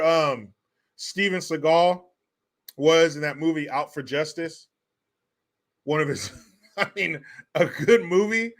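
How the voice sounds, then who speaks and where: A man's voice: on the high side, fairly bright tone. A middle-aged man hosting a commentary show, ranting angrily and sarcastically with a lot of swearing while he reads out viewer messages.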